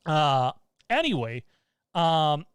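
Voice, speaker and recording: A man's voice: on the high side, sing-song, slow pace, clean tone, no room sound. A man hosting a casual livestream from home, rambling and blunt, turning heated with swearing. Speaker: show host.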